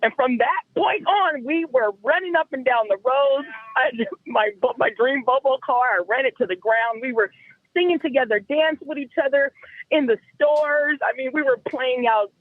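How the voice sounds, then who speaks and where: A woman calling in to a show, telling a long story in an animated, rambling way over the phone. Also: high voice, normal speed, no room sound. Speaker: caller. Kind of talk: call-in storytelling. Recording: tinny phone line.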